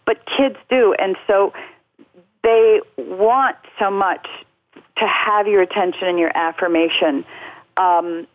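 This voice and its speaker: Over a tinny telephone line, a woman guest in an interview gives earnest, reflective answers about parenting and faith, full of fillers and restarts. She speaks slowly in a mid-range voice, with no room sound.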